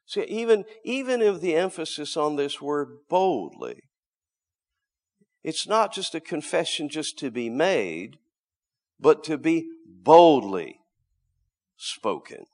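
A middle-aged man preaching a sermon, swinging between loud emphatic lines and hushed low asides, often repeating words as he restarts. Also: very animated, slow, pauses often.

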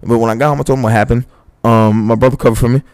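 A man's voice: medium pitch, steady tone, very fast, darkish tone, smooth, no echo. A man telling a story in a loose, profane, casual chat. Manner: loose, profane storyteller who acts out dialogue.

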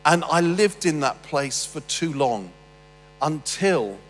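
Brit guy telling a funny story on stage, stammers and restarts, kinda high voice, big echoey hall. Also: very animated, takes it slowly, slight background noise. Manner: rambling, self-deprecating, with stammered restarts. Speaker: speaker. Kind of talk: humorous personal storytelling talk.

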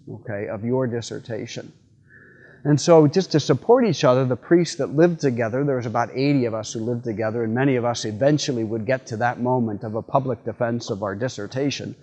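A middle-aged man, a priest, giving a homily in a church with relaxed, folksy storytelling and frequent fillers. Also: mid-range voice, dull audio. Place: church sanctuary.

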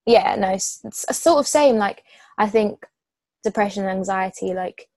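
A woman's voice: medium pitch, normal speed, warm tone, no room sound. Open woman, dry close mic. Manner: open, emotional, frank. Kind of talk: casual heart-to-heart chat.

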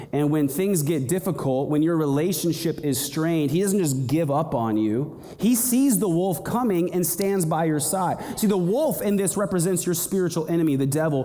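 A young man preaching a sermon in an animated way, acting out little scenes and voices as he goes. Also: fairly high pitch, normal speed. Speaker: pastor. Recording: long hall reverb.

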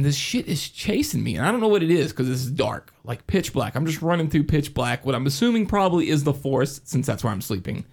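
A man co-hosting a horror podcast, telling a camping story in casual, profane chat and laughing often. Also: mid-range voice. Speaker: podcast co-host.

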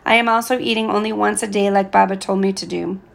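A woman reading a first-person audiobook in a calm, steady way. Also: mid-range voice, quick pace, gravelly. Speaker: audiobook reader.

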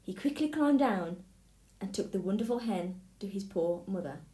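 A woman reading a fairy tale aloud in a clear, steady way. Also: medium pitch, moderate pace. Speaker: storyteller. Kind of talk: storybook read-aloud. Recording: echoey room.

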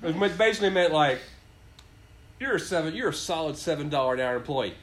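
A man's voice: fairly high pitch, fast talker. A man telling a rambling work story in casual chat, swearing often and acting out his bosses' lines.

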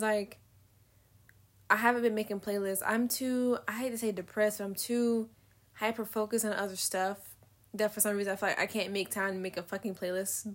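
A young woman vlogging in a casual, candid monologue, rambling between thoughts, swearing freely and laughing often. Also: medium pitch.

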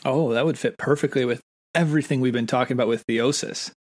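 A man with an American accent co-hosting a casual podcast chat, earnest and thoughtful, often pausing and restarting sentences. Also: medium pitch, fairly even intonation. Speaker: podcast co-host.

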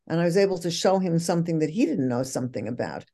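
A woman with a lowish, mellow, relaxed voice talks as a guest in a casual conversation. She tells personal stories thoughtfully and earnestly. Her tone stays soft and warm rather than bright. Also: fast. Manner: reflective, earnest storytelling.

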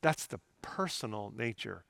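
A man's voice: fairly low pitch, animated, measured pace, creaky, fairly bright tone, dry recording. Earnest, conversational male pastor. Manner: earnest, conversational preaching with personal stories. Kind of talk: sermon.

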